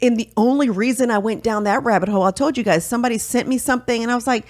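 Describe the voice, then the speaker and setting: A woman co-hosting a casual podcast chat in a studio, chatty and quick to laugh, sometimes reading passages aloud from a book. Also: on the high side. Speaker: podcast co-host. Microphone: studio mic.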